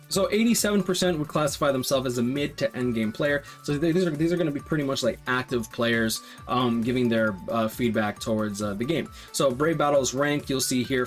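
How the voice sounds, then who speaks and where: A man of ordinary pitch chats through gaming poll numbers in a loose, off-the-cuff way, full of "uh" and "like" and restarted sentences. Soft music plays faintly underneath his voice. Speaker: gaming YouTuber. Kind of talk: casual commentary on survey results.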